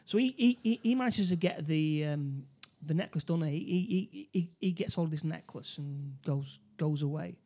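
A man's voice: on the high side, warm tone. A man in casual conversation, recapping a film plot with frequent restarts and short acted-out quotes. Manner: halting, many restarts, acts out quotes. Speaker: podcast co-host.

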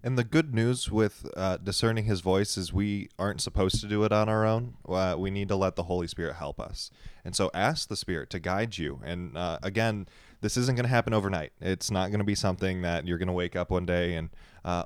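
A man with a low voice talks casually about faith and drops in dry little jokes. He fills his pauses with "uh" often. His voice sits close and dry on the mic. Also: smooth, no echo. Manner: relaxed, wry, lots of uh fillers. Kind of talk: casual teaching talk.

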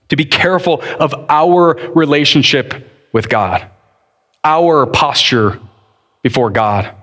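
A man pastor preaching a sermon earnestly, leaning hard on key words and then rushing through others. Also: mid-range voice, fairly bright tone. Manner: earnest preaching, shifting between slow deliberate stress and quick bursts.

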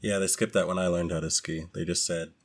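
Deep-voiced joking man. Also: level tone, a little fast. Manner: joking, blunt, slangy. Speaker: podcast co-host. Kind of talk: casual chat.

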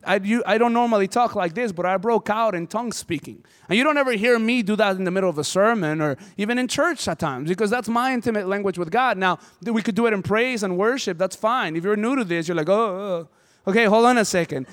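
A man's voice: high voice, fast, hardly any pauses, a bit bright. A man preaching a sermon as pastor, impassioned and conversational. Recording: hall reverb.

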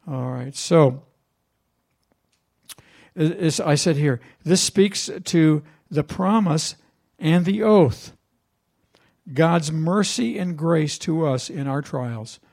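A male pastor preaches in a conversational, storytelling style, frequently putting questions to the congregation. His gravelly voice sits slightly high for a man, with a darkish tone, animated delivery and slow pace.

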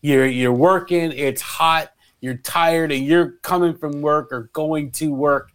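Animated, higher-voiced male radio co-host. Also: takes it slowly. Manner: animated storyteller, acts out quotes, swears freely. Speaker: morning show co-host. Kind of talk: casual radio chat.

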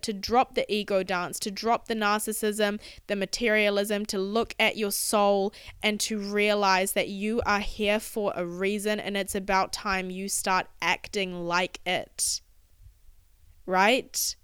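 A woman's voice: mid-range voice, steady tone, fairly bright tone, clean tone, no echo, studio quality. A woman hosting a solo motivational podcast, delivering an impassioned, profanity-laced rant into a podcast microphone. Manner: impassioned, swearing, fast spurts. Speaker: podcast host.

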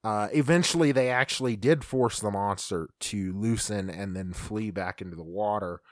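A man's voice: on the low side, moderate pace, no room sound, clean studio sound. A man co-hosting a podcast, casually retelling creepy history stories with fillers and stumbles. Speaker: podcast co-host. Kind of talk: casual storytelling chat.

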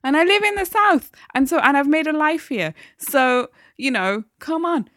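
Geordie woman ranting with lively pitch. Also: normal speed, no room sound, clean studio sound. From North East England. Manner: animated, ranting, swears freely, laughs often. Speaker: podcast co-host. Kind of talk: casual chat.

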